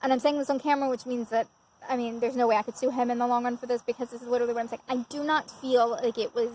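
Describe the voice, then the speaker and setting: High-voiced woman telling a story. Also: steady tone, rapid-fire, darkish tone, slight background noise, low-quality recording. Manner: chatty and self-mocking, with frequent laughter. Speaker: vlogger. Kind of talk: casual storytelling. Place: outdoors.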